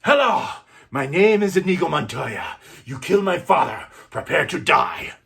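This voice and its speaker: A man voicing a grim, vengeful male swordsman with a husky voice in a one-man film recital. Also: deep voice, fairly even intonation, normal speed, exaggerated voice. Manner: intense, declaiming loudly.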